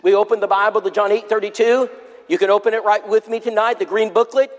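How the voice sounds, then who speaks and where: Man, preacher, folksy retelling, high voice, long hall reverb. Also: fairly even intonation, quick pace. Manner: folksy, repeats "I said" while retelling conversations. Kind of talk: sermon storytelling. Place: church.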